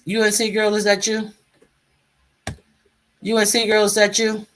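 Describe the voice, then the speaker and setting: A woman's voice: mid-range voice, monotone, a little slow, fairly bright tone, a little hiss or hum. A woman hosting a casual live stream, chatting and calling guests up to speak. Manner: chatty, calls out guests by name.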